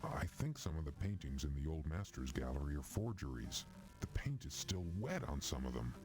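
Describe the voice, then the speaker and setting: A deep-voiced easygoing dockworker. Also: male voice, sing-song, moderate pace, darkish tone, faint music behind.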